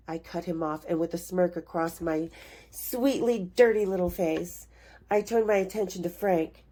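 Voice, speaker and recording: A woman in her fifties reads from her memoir in a warm, mellow voice. She is frank and playful, stepping out of the text now and then to chat with her listeners. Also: fairly low pitch, steady tone, normal speed. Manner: frank, playful, breaks off to talk to viewers. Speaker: author reading her memoir. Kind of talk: memoir reading with chatty asides.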